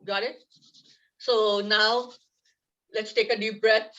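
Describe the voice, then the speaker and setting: A woman's voice: medium pitch, flat delivery, takes it slowly, sharp tone, lo-fi sound. A woman leading a laughter yoga class over a video call, upbeat and coaxing, laughing often as she talks.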